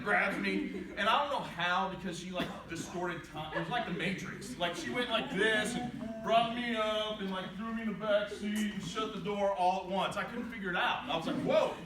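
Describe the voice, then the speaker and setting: A man from West Virginia giving an inspirational speech to students, telling a story and acting out the quotes with changing voices. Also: sits high. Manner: animated, acts out quotes with voice changes. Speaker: motivational speaker. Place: large hall before a live audience. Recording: roomy, distant, noisy live hall recording.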